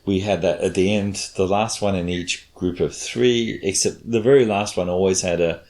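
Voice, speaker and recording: A man's voice: low voice, fairly even intonation, moderate pace, darkish tone. A man, a cognitive scientist, explaining his experiments patiently in a casual chat and demonstrating intonation.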